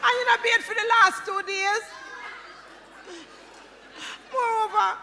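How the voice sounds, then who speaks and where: Stage play: a frightened Jamaican woman, very high gravelly voice, tearful pleading. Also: steady tone, slow, bright, forceful tone, a faint crowd, slight background noise, full character voice. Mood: defiant. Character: frightened young woman, defiant then pleading. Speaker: stage actress. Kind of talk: live stage play acting. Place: theatre stage with a live audience. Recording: theatre stage with audience murmur.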